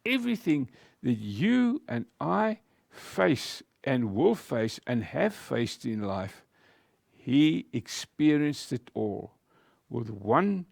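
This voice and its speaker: A man preaching a sermon as pastor, speaking in a slow, emphatic way with deliberate pauses. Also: medium pitch, gravelly, a little mellow, no echo, studio quality.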